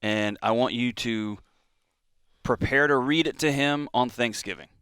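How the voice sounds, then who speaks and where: Radio host, male, clear resonant voice, mid pitch, dry studio sound. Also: a little slow, fairly bright tone, no echo. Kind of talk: call-in advice talk.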